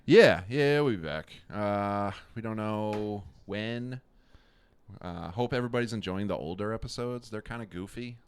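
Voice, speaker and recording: A man's voice: lowish voice, normal speed, smooth. A man co-hosting a podcast in casual chat, laid-back, swearing freely and laughing often. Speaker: podcast co-host.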